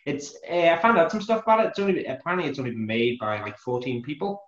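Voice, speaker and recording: A man's voice: a little high, sing-song, fast talker. Jokey man on an echoey lo-fi mic. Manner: jokey, laughs often. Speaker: podcast co-host. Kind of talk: casual chat. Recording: echoey room, dull lo-fi sound.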